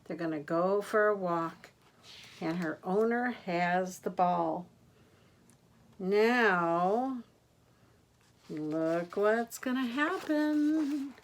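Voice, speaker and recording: An older woman, a grandmother, reading picture books aloud to children in a gentle, expressive way, gasping and asking them questions. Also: mid-range voice, drawn-out words, pauses often. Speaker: grandmother storyteller.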